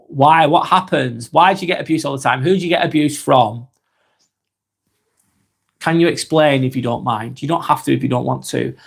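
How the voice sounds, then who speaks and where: A man in his forties with an East Lancashire accent, hosting a live stream and reading out viewer comments in a slow, halting way with many ums. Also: a little high, vocal fry. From England. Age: 40s.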